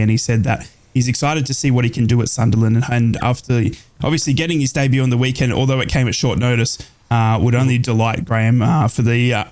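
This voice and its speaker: A man's voice: mid-range voice, a little mellow. An Australian man chatting about football as a radio co-host, easygoing and laid-back. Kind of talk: casual sports chat.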